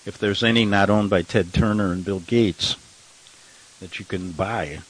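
A man's voice: fairly low pitch, steady tone, a little slow, husky, low-quality recording. Rambling older man hosting talk radio. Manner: rambling, sarcastic, laughs at his own remarks. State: has a cough. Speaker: radio talk show host.

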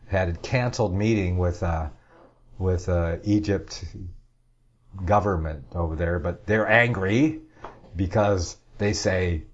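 A man hosting a talk show, rambling through the news with casual, sarcastic asides. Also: low voice. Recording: dull lo-fi audio.

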